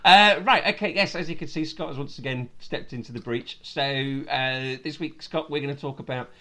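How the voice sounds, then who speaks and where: A man's voice: medium pitch, moderate pace, pushed and bright. A man hosting a casual football podcast, jokey and laughing often. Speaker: podcast host.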